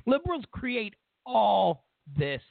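A man's voice: high-pitched, sing-song, slow pace, vocal fry, dry recording. Mocking man ranting down a tinny line. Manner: mocking, rambling, repeats phrases. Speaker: talk show host. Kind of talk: comedic political rant. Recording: tinny phone-like line, dry.

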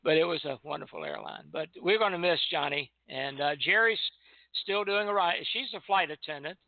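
Gravelly older man on a phone line. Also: a little high, fairly quick, dry recording. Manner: relaxed anecdotal storytelling, chuckling. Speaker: retired airline pilot. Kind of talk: casual reminiscing on a call-in show.

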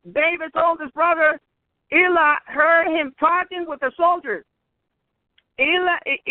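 A woman's voice: very high-pitched, steady tone, unhurried, no echo. A woman whose first language is Spanish preaches, reading a Bible story aloud and breaking in with exclamations of praise and laughter. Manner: exclaims praise and laughs between read passages. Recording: tinny phone line.

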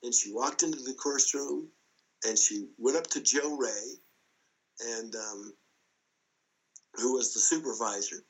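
A man as an interview guest, casually telling a story in a lively way and chuckling as he goes. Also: mid-range voice, measured pace, pauses often, rough recording.

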